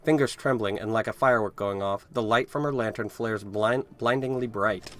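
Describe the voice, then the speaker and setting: Low-voiced man reading game text. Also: normal speed, a bit bright, a little hiss or hum. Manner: casual, wry asides between read passages. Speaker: let's play host. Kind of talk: gameplay commentary and reading game text aloud.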